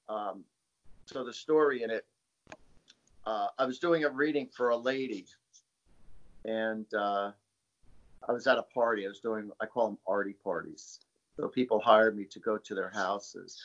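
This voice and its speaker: A man's voice: mid-range voice, a bit bright, muffled recording. A man, a psychic guest, telling stories casually in an interview, rambling with many fillers and repeated words.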